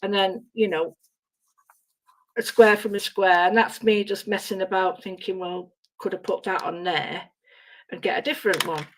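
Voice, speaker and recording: A middle-aged woman demonstrating a craft on a live stream, chatting and mocking herself as she works, her voice going hoarse. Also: mid-range voice, steady tone, normal speed. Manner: chatty, self-mocking, talks to herself while working.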